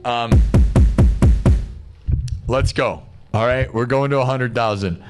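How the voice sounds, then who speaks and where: A man's voice: mid-range voice, slow, over music. A man hosting a live stream, chatting casually and ranting in exasperation, with lots of "dude" and "bro". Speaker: livestream host. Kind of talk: casual livestream rant.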